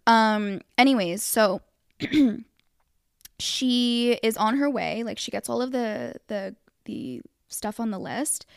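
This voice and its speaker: A woman's voice: fairly high pitch, expressive, slow pace, creaky, clear, resonant tone, dry recording, studio quality. A young woman co-hosting a podcast who tells a story in casual chat. She rambles with plenty of fillers and sounds frustrated as she retells it. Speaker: podcast co-host.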